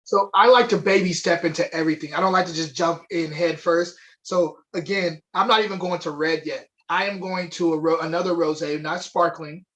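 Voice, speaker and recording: Enthusiastic male wine co-host, high voice, casual livestream chat. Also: steady tone, brisk, few pauses, a bit bright. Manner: enthusiastic, chatty, with fillers. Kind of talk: live online wine tasting chat. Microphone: webcam or desk mic on a video stream.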